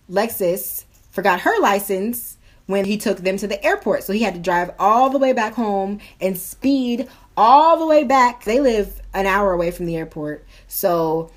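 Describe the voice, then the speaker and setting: A woman's voice: medium pitch, normal speed. A young woman in her twenties, a beauty vlogger chatting casually through a storytime while doing her makeup, acting out the voices of the people she quotes. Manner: animated, acts out quoted voices.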